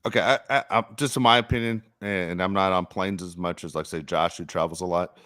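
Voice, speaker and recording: Man, low voice, rambling sports podcast host, animated asides, dry sound. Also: fairly quick, no room sound. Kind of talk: casual sports podcast chat.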